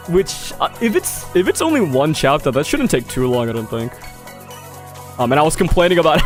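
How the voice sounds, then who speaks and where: An Australian woman streamer chatting casually through a game playthrough, laughing and swearing as she rambles. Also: low-pitched.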